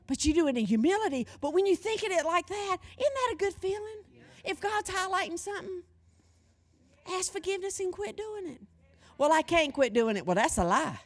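A woman in her sixties delivers a lively sermon in a high voice. Her pitch swings widely as she calls out to the congregation for a witness. She mixes folksy humor into her preaching. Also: a little fast. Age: 60s. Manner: animated, calls for audience response, folksy humor.

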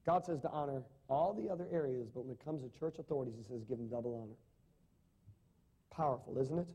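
A man's voice: mid-range voice, fast, warm tone, slightly rough. A man preaching a sermon to a congregation, dramatic, with rising and falling emphasis and frequent questions to the listeners. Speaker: pastor.

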